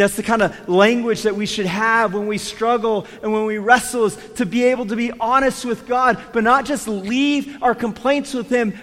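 A man preaching a sermon as pastor, dropping to hushed lines and then rising to emphatic ones, and acting out quoted prayers with feeling. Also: very high voice, big-room sound. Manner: swings between quiet hushed lines and raised emphatic ones.

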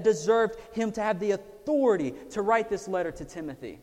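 A man preaching a sermon, swinging from loud emphasis down to hushed, almost whispered lines. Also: high voice, expressive, fairly quick, few pauses. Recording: long hall reverb.

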